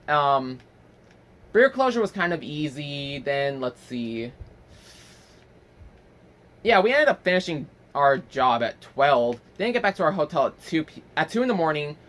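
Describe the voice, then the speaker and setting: Animated young man telling a rant. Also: a little high. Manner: swears freely, acts out quotes from a story; animated, rambling with fillers. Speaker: vlogger. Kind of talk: casual storytelling rant.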